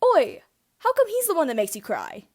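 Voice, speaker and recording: A woman's voice: fairly high pitch, fairly even intonation, fast talker, a little mellow, close to an everyday voice. A shaken teenage boy with a catching, fragile voice, done by a woman reading aloud. His lines rise above the narration. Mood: indignant. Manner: voice catching, weak.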